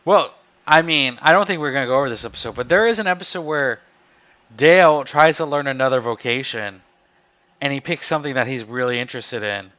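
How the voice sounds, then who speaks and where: A man's voice: medium pitch, brisk, sharp tone. A man co-hosting a podcast, chatting casually and often stopping to restart his sentences. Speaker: podcast co-host. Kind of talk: casual chat. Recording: slightly dull, lo-fi sound.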